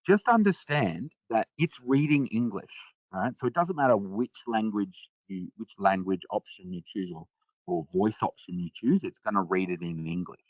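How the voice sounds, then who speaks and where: A man presenting a live software demo on a webinar, talking casually with lots of fillers and restarts. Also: lowish voice, dry recording, highs cut off.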